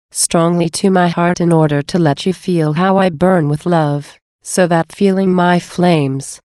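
A woman reading aloud from a devotional text in a slow, earnest, measured way. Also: fairly low pitch, warm tone, dry recording, clean studio sound. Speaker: devotional reader.

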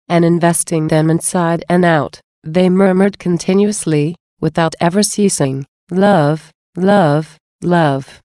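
A woman giving a slow, reverent, measured devotional reading. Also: on the low side, dark tone, dry recording, studio quality.

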